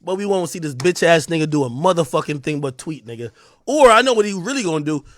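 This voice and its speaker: A man with a New Jersey accent hosting a livestream, delivering a heated, taunting rant that swings between loud jabs and low mutters. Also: lively intonation, fast talker, no echo, clean studio sound. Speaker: livestream host. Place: home streaming room.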